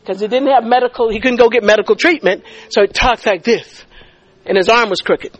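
A middle-aged woman teaches a faith group through a personal testimony. Her voice sits high. She tells the story in an animated way, stammering when she gets excited and acting out each exchange. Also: brisk, poor audio.

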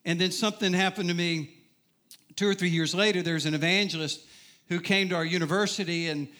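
A man's voice: high-pitched, fairly even intonation, brisk, sharp tone. A middle-aged man preaching a sermon, telling his own story with humor and putting questions to the crowd. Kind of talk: sermon testimony.

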